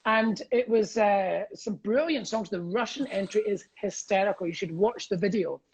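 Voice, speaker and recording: A Scottish man chatting as a comedian guest on a video call from home, animated and rambling, laughing through his stories. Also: high-pitched, moderate pace, breathy edge, rough recording. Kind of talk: casual video-call chat.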